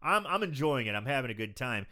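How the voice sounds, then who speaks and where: Animated, bright-voiced man recapping a movie. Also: mid-range voice, fast talker. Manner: animated storyteller, acts out scenes, swears, laughs often. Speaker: podcast co-host. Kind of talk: casual movie recap chat.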